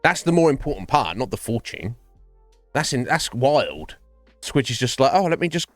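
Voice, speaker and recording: Man, streamer, lively up-and-down voice, laughs a lot, swears, dry close sound, faint music behind. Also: medium pitch, moderate pace, no room sound. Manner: rambling, laughs often, swears. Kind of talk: casual chat with viewers.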